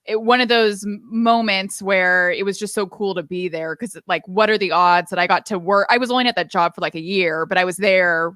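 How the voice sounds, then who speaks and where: A woman's voice: mid-range voice, a little fast, hardly any pauses, fairly bright tone, no echo, clean studio sound. A woman podcast guest telling a story in an enthusiastic, chatty way. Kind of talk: casual chat, storytelling.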